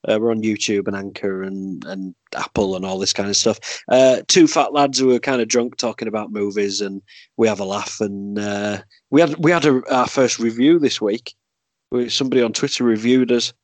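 A man's voice: fairly low pitch, normal speed, no echo. A man with a Yorkshire accent chatting on a podcast, rambling and swearing freely as he tells stories. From Yorkshire, England. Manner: rambling, swearing, laughing storyteller. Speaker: podcast guest and movie podcast host. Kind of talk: casual podcast chat.

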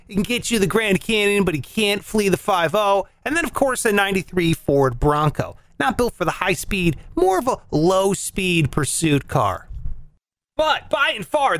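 A comedy show host delivering a jokey monologue, animated and quick to switch into silly voices. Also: mid-range voice, no echo. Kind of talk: comic monologue.

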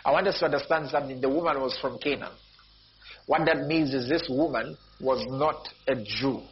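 A pastor preaching a sermon, repeating phrases and jumping up in pitch and volume for emphasis. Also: male voice, moderate pace, husky. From Zambia. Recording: dull lo-fi recording with faint noise.

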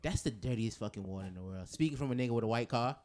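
A man's voice: mid-range voice, very fast, a little mellow. A man co-hosting a podcast, blunt, profane and teasing in casual banter. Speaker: podcast co-host.

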